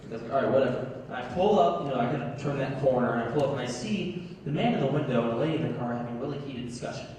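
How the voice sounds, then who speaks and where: Recorded from far back in a big, echoey hall with a bit of background noise, this young comic speaks very fast in an expressive, slightly mellow mid-range voice. He acts out the people in his stories and cracks himself up.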